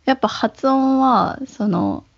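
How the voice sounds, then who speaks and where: A woman's voice: fairly high pitch, huge pitch swings, normal speed, husky. A woman interviewing a guest in casual chat, playful and admiring, on a dull lo-fi recording. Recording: dull lo-fi audio.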